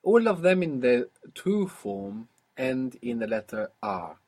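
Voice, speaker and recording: A man's voice: medium pitch, big pitch swings, slow pace, a little mellow, husky. A man teaching a language lesson, patiently asking questions and repeating the answers. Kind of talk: guided audio language lesson.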